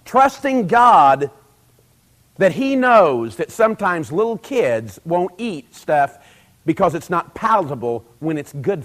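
Middle-aged male preacher, fairly high voice, chatty delivery that swells to forceful emphasis, voices the people in his stories. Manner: conversational, building to loud emphatic peaks, acts out quoted dialogue. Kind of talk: sermon.

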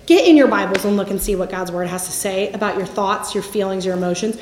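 A woman in her forties giving a Bible teaching talk in a lively storytelling manner. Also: mid-range voice, quick pace, slight background noise. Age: 40s. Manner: lively storytelling, acts out quotes with laughs. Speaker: campus ministry speaker. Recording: echoey room.

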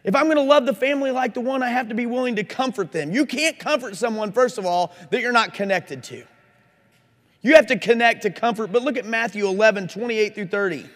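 A man's voice: very high voice, fairly quick, a bit bright. A man preaching a sermon at a Christian conference, earnest and challenging, asking his listeners direct questions. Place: conference hall. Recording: live recording in a reverberant hall.

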